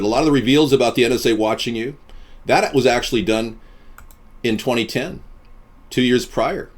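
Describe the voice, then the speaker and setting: A man hosting a live stream, chatting with viewers in a deadpan, boastful way and jumping from topic to topic. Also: medium pitch, normal speed, pauses often.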